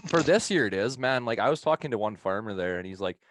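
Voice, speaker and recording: Talking fast and with plenty of energy, a deep-voiced man on a podcast spins out a long, meandering story, cursing liberally and laughing between lines. As one of the show's co-hosts, he sounds dry and right up against the mic, with no room sound at all.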